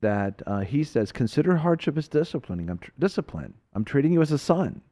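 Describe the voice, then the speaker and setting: Lively man telling a story. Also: mid-range voice, fairly quick, dry recording. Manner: animated storytelling with laughs and acted-out quotes. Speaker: radio show host. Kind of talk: casual faith talk with a story.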